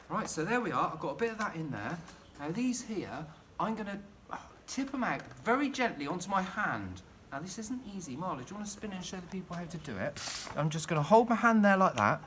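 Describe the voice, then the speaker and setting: A man's voice: on the high side, fairly bright tone, slight background noise. A middle-aged man chatting and rambling enthusiastically while demonstrating gardening at home in his kitchen. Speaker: gardening vlogger.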